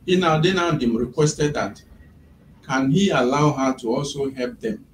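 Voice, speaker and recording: A man's voice: medium pitch, moderate pace, a little hiss or hum. A man, retelling events step by step as an employer's representative in a mediation session. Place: office. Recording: echoey room from a distant mic.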